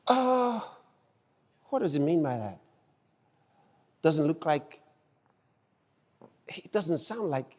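Exuberant shouting preacher in a big hall. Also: male voice, high voice, breathy edge. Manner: exuberant, shouting exclamations, dramatic storytelling. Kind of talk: sermon.

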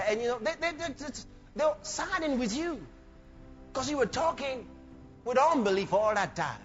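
A man preaching a fervent sermon, now and then rising to shouts and acting out the people he quotes. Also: very high voice, animated, normal speed. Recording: reverberant hall, dull sound, music behind.

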